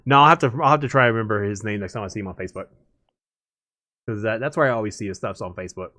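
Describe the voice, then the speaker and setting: Streamer, male, rambling casual chat, mid-pitched voice, dry close mic. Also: racing, pushed and bright, no room sound. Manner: rambling, chatty, laughs often. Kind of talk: casual chat while gaming.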